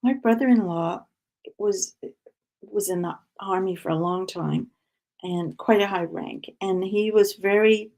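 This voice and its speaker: Woman, gravelly-edged voice, chatty crafting host who laughs a lot. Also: mid-range voice, measured pace, darkish tone. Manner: chatty, laughs often, greets viewers by name. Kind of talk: casual chat while cross-stitching.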